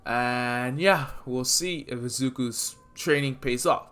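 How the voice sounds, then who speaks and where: A man's voice: medium pitch, slow pace, fairly bright tone. A man casually narrating a fan story, rambling with many fillers. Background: faint lofi music.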